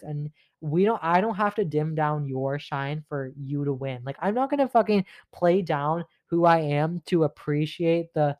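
A man's voice: a little high, measured pace, hardly any pauses, no echo. Exasperated young man venting a storytime. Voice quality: heavy filler 'like', frequent swearing. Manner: animated, exasperated, laughs mid-rant. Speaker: vlogger telling a story. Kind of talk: casual storytime monologue. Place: at home in front of a mirror.

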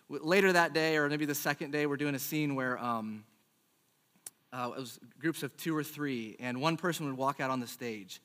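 A middle-aged man preaching a sermon, telling a self-deprecating personal story in a chatty, animated way. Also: on the high side. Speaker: pastor.

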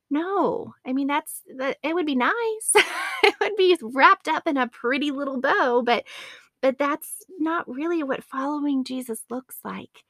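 A woman's voice: sits high, expressive, normal speed, a bit bright, no echo, clean studio sound. A woman in her late thirties hosting a faith podcast, earnest and addressing her listeners as friends. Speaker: podcast host.

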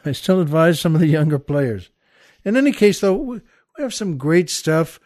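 A man's voice: fairly high pitch, expressive, moderate pace, a little mellow, no echo, clean studio sound. An older man hosting a casual comedy podcast, rambling through plugs and a joke with a chuckle, stopping and restarting, doing small voices for the characters. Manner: rambling, chuckling storyteller who tells jokes with little voices. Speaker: podcast host.

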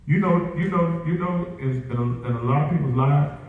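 Male preacher, lively sermon delivery with laughter between lines, recorded from a distance in a very echoey church. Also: on the high side, normal speed, narrow, tinny audio. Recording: echoey room picked up from a distance, faint ambience.

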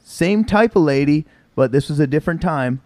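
A man's voice: fairly high pitch, lively intonation, normal speed, darkish tone, no echo. Laid-back young man telling stories. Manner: storytelling, swears freely, acts out quoted people. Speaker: podcast co-host. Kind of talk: casual chat.

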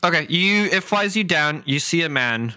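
A man running a tabletop game as game master, describing scenes in an unhurried way with frequent fillers. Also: on the high side, animated, bright, forceful tone, dry recording, studio quality.

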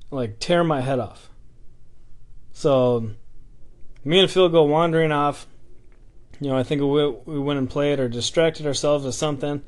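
Man, somewhat high voice, casual halting storyteller with lots of restarts. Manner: halting, full of fillers and restarts.

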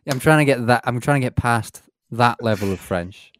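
A man's voice: medium pitch, no room sound, studio quality. A young man co-hosting a film podcast, chatting casually and often stumbling and restarting as he searches for words. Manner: halting, loses his words and restarts. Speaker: podcast co-host.

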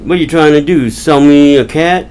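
A man's voice: a little high, moderate pace, a little mellow, smooth, close to an everyday voice, poor audio. A man doing a touchy Southern-accented woman. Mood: indignant. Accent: Southern US (put on). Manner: defensive, indignant. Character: touchy dim-witted southern woman customer.

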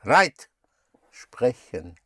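A man's voice: mid-range voice, sing-song, very slow, bright, forceful tone, no echo, studio quality. A man teaching German, patiently spelling words out and having learners repeat them. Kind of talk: slow language lesson.

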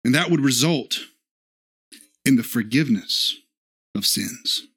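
A man preaching an earnest sermon as pastor, often checking in with his listeners and slowing down to quote scripture. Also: mid-range voice, animated, fairly bright tone, husky. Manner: slows for scripture quotes, acts out short dialogue.

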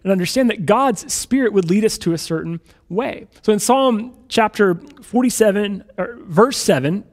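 A man preaching a sermon in a conversational, animated storytelling manner. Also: high-pitched, moderate pace. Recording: hall reverb.

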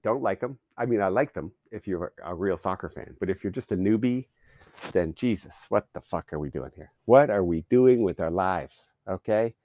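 A man's voice: low voice, animated, moderate pace, no echo, dull audio. A man from Canada rants through a podcast monologue, swearing freely and dripping sarcasm. He rambles from gripe to gripe. The recording is dry and close. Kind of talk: profane ranting monologue.

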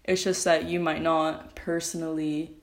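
Slightly slow and low-voiced, with little movement in pitch, a teenage girl runs her own solo podcast. She rambles through a casual rant captured on her phone, frequently correcting herself as she goes.

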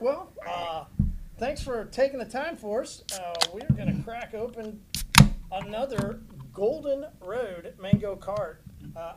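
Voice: medium pitch, background noise. A podcast co-host chatting casually in a playful, rambling way with many fillers. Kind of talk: casual chat.

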